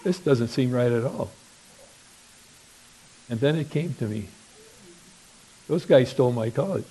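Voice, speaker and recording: An older man from Wisconsin telling a rambling, self-deprecating humorous story at a podium, clearing his throat now and then. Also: mid-range voice, animated, measured pace, dark tone, rough recording.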